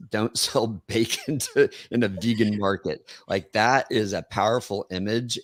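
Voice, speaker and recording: Male host with a lowish voice, reflective and conversational, dry close sound. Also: fairly bright tone, no room sound. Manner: reflective, conversational, thinks aloud. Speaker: podcast host. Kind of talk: casual interview chat.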